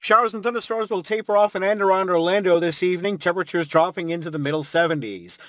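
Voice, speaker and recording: A man reading a weather and travel forecast in a brisk, even way. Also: high voice, no room sound.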